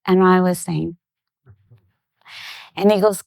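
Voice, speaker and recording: A middle-aged woman, a guest on a talk show, telling a personal anecdote in lively detail and acting out the voices of the people in it. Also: lowish voice, measured pace, gravelly, pauses often, no room sound. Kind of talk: storytelling in a conversation.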